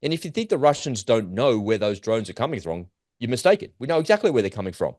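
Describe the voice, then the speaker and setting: A man giving an urgent, animated commentary monologue, firing off rhetorical questions as host of his own show. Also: medium pitch, fast talker, dry recording, studio quality. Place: at home in Australia.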